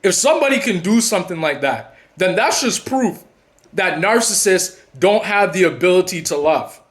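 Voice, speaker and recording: A man with a fairly high voice talks straight to his viewers in a loose, unscripted monologue. He keeps restarting his sentences and repeating words. When he retells past conversations he drops lower and quieter. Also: animated, moderate pace. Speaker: channel host and narcissism coach. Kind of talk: casual talking-to-camera monologue.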